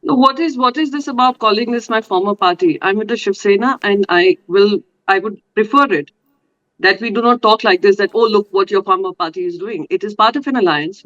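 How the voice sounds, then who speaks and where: A woman's voice: mid-range voice, fairly bright tone, highs cut off. An Indian woman, a politician speaking as a guest in a televised debate, insistent and full of fillers and restarts.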